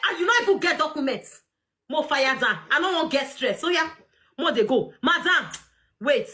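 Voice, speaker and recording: A young adult woman with a Nigerian Pidgin English accent, ranting loudly on a live stream, mocking and often shouting and laughing. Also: very high voice.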